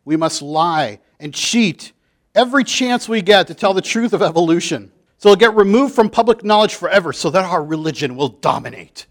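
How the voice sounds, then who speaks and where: Loud and slow, this is a fiery preacher working up his congregation, as a man puts him on. Every line is stretched out and punched from the pulpit in a high, ringing voice. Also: expressive. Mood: rousing. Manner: booming, drawn-out preaching.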